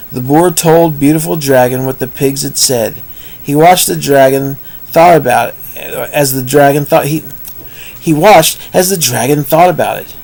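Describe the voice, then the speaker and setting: A man's voice: a little high, vocal fry, darkish tone, poor audio. A man improvising a rambling storybook tale, with puns and asides. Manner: rambling, punning, self-interrupting.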